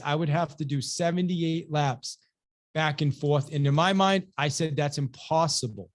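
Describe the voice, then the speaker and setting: A man with a slightly high voice hosts a motivational webinar, telling a personal story. He acts out both sides of each exchange with lively swings in delivery. He often stumbles over his words and starts again. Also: normal speed. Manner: animated storyteller acting out both sides of a dialogue; repeats words and restarts often. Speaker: webinar host and real estate coach.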